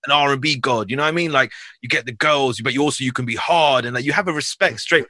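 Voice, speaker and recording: A man, an animated, slang-heavy comedy actor swearing freely as a podcast guest. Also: mid-range voice, fast, no room sound, studio quality. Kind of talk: casual podcast chat.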